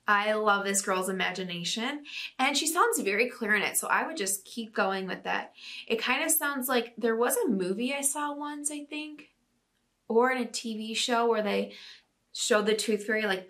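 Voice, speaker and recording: A woman's voice: medium pitch, gravelly, pushed and bright. A woman in her thirties hosting a podcast, reading out listener stories and chatting casually with frequent laughs. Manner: giggly, chatty, laughs often. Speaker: podcast host.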